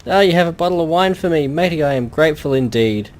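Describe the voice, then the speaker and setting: A man's voice: fairly high pitch, animated, fast, slight background noise, pitched above the performer's own voice, lightly acted. A man voicing a drunk old male fisherman who slurs a salty sea-dog way of talking and calls everyone matey. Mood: grateful. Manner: slurring sea-dog talk, says matey.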